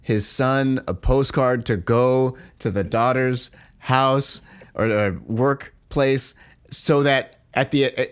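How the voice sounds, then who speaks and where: A man co-hosting a podcast, talking in an animated, exasperated way and filling his speech with "like". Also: medium pitch, slow pace, clean tone. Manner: animated, exasperated critique with frequent "like". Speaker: podcast co-host. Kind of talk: casual chat.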